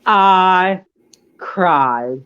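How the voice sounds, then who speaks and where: A podcast co-host talking through an episode in a slow, emotional, reflective way. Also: mid-range voice, a bit bright, clear, resonant tone. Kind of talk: casual review chat. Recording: dull lo-fi sound.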